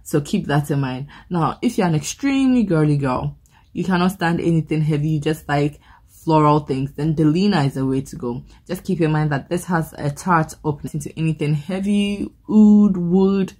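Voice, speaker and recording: A woman's voice: deep voice, normal speed, a little mellow, breathy edge. A woman reviewing perfumes in a casual, chatty vlog, rambling into playful movie comparisons and often repeating words as she restarts. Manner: frequent word repeats and restarts.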